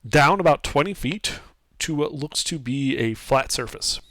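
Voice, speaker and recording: A man's voice: fairly high pitch, lively intonation, a little slow, a bit bright, dry recording. A man narrating as game master of a tabletop game on a live stream, explaining details patiently.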